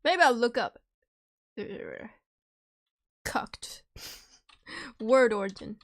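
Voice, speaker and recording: A woman's voice: on the high side, animated, drawn-out words. A young woman streamer chatting casually and jokingly while chewing candy, rambling through her thoughts. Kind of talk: casual livestream chat.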